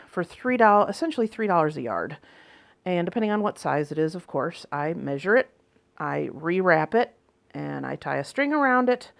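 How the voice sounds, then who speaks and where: A woman's voice: on the low side, creaky. A middle-aged woman chatting through a haul video, telling stories in a chatty way and acting out the people she talks about. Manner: chatty, exasperated retelling with quoted exchanges. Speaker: reseller vlogger. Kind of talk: casual haul vlog storytelling.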